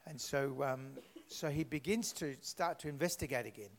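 Man, church speaker, prayer and testimony, chatty rambling delivery, medium pitch. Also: moderate pace, slight background noise. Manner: chatty, rambling with fillers and restarts.

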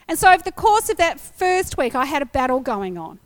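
A woman in her fifties preaching a sermon, telling a personal testimony with animated storytelling and acted-out reactions. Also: sits high, a little fast.

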